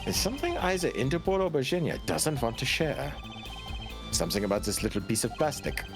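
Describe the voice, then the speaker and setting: A man voicing a suave, teasing young male prosecutor, reading game dialogue aloud with a smooth, mildly mocking delivery. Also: mid-range voice, sing-song, fairly quick, music in the background, pitched above the performer's own voice. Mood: cool.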